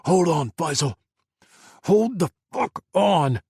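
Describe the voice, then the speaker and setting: A man voicing a desperate man shouting over a phone line, his voice breaking with panic. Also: a little high, expressive, slow pace, vocal fry, slightly rough, no echo, studio quality, pitched above the performer's own voice, exaggerated voice. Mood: frantic.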